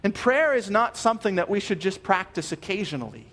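A pastor preaching a sermon, earnest and emphatic, repeating key phrases and dropping soft at the ends of phrases. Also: male voice, sits high, very animated, a little fast.

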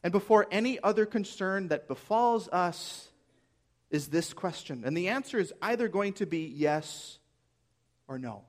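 A man's voice: high voice, lively intonation, unhurried. A man preaching a sermon as pastor, earnest and emphatic, posing rhetorical questions to his listeners.

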